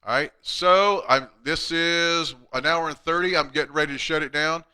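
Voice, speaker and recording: Middle-aged man, very bright voice, fairly high, blunt and chatty, live Q&A host. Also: moderate pace, clear, resonant tone. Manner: blunt, chatty, reads out viewer questions. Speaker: chiropractor hosting a live Q&A. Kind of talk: casual live-stream Q&A.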